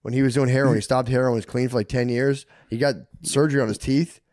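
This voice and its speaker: A man co-hosting a podcast in casual chat, telling animated stories and acting out quotes with sudden yelps. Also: mid-range voice, quick pace, dry recording, clean studio sound. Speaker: podcast co-host.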